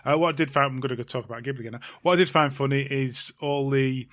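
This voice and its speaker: This is a man co-hosting a relaxed chat podcast, working through long lists of names in a dry, offhand way. He speaks at an ordinary middle pitch. He chats easily with his co-host. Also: quick pace. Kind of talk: casual chat.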